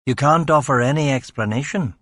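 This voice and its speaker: A man's voice: medium pitch, brisk, fairly bright tone, no echo, close to an everyday voice. A man voicing a blunt, wry male police detective in an audiobook reading. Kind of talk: audiobook character voice.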